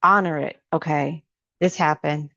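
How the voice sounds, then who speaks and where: A woman coach speaks in a slightly low voice, pressing her points with repeated sermon-like phrases. She stays casual and direct with her listeners. The recording is dry and a little dull and lo-fi. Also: steady tone, measured pace, bright, forceful tone, no echo. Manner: emphatic, repetitive, sermon-like phrasing; casual, addresses listeners as sis. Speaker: life coach. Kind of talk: motivational teaching talk.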